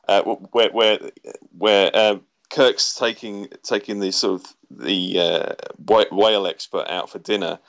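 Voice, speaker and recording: A man's voice: lowish voice, fairly even intonation, gravelly, a bit bright. A man chatting about a film, stumbling over repeated words and restarts. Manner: halting, stammers and restarts a lot. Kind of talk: casual film discussion.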